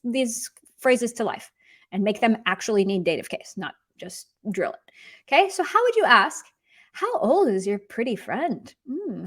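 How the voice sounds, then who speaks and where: A woman's voice: on the high side, fairly bright tone. A woman teaching a Russian grammar lesson, upbeat and teasing as she quizzes her viewers and reads out example phrases. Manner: upbeat, teasing quiz prompts, switches between English and careful Russian.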